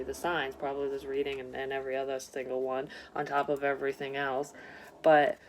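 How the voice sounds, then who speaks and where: A woman's voice: low-pitched, fairly even intonation, brisk, slight background noise. A woman psychic reading tarot cards in a casual vlog, talking bluntly and rambling with a lot of swearing.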